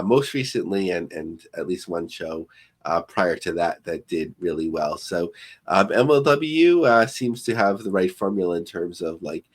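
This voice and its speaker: Low-pitched male co-host, loose and meandering, thinks out loud. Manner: rambling, filler-heavy and thinking aloud. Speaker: podcast co-host. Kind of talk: casual podcast commentary.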